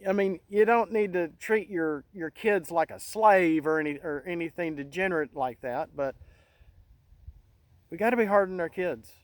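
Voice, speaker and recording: A middle-aged man hosting a casual monologue, talking in an earnest, halting way with many restarts. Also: sits high, no room sound, low-quality recording. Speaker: channel host.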